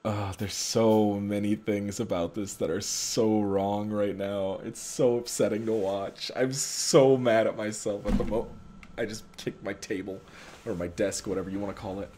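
A man's voice: fairly low pitch, steady tone, moderate pace, warm tone, a little hiss or hum. A young man casually commentating his own gameplay, frustrated and muttering at himself about his mistakes. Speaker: gaming channel host. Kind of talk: casual let's play commentary.

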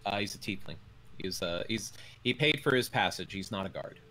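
A man runs a tabletop game as dungeon master, narrating in a fairly low voice. He talks at an easy pace and leans on frequent "uh" fillers. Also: brisk, slight background noise, low-quality recording. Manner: relaxed narration full of "uh" fillers.

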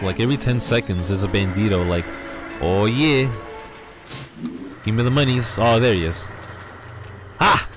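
Man, gaming commentator, excitable, lively pitch, faint game music behind. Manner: excitable, talks to viewers, frequent exclamations. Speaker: gaming YouTuber. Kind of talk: casual let's-play commentary.

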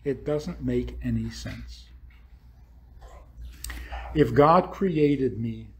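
A man's voice: mid-range voice, extremely slow, slight background noise. A man speaking as a rabbi, lecturing an audience with provocative rhetorical questions and acting out what imagined people would say.

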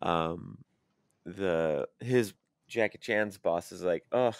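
A man with a very deep voice chats about a film in a plain, matter-of-fact way, retelling scenes as he goes. The sound is dry and close, with no room around it. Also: slow, no room sound. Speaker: podcast co-host. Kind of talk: casual movie-discussion chat.

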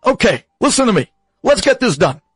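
A man's voice: very high voice, very animated, fairly quick, slightly rough, dry recording, faint music behind, voice pushed up, full character voice. A man voicing a stubborn, wealthy miser who haggles insistently and repeats himself. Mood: pushy.

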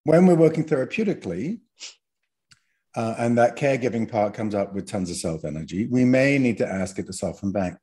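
With a lowish, darkish voice, a man appearing as a guest therapist trainer on a podcast explains in a chatty, teaching manner, frequently adding "right?" to his points.

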